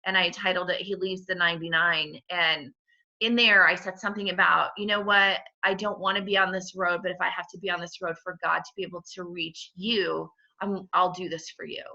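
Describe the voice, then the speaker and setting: Gravelly middle-aged woman, heartfelt. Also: fairly low pitch, flat delivery, brisk, sharp tone. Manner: candid, heartfelt, laughs through emotion. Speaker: podcast guest. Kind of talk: personal faith testimony. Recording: dull lo-fi sound.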